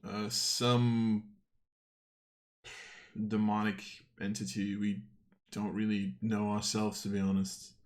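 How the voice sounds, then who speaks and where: Slow, low-voiced man role-playing. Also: little pitch movement. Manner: hesitant, halting with many fillers. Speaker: player. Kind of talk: in-character tabletop role-play.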